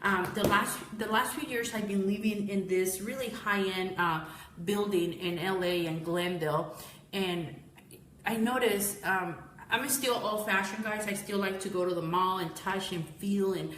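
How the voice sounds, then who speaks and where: Woman, tired, rambling live-stream talk, mid-pitched voice, echoey room, faint background hum. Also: unhurried, fairly bright tone. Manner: rambling, self-correcting, addresses viewers as guys. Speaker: business owner giving a live-streamed marketing talk.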